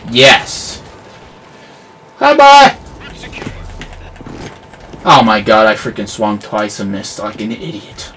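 A man giving live commentary over his own gameplay, excitable and yelling at the game, with clean substitute swears. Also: fairly low pitch, unhurried, slight background noise. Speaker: gamer.

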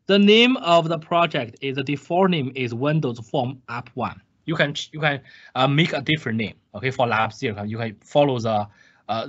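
A man with a fairly high, pushed and bright voice gives a recorded screen-share course lecture. He repeats key points emphatically and poses questions to the class that he answers himself. The lecture capture is dull and lo-fi.

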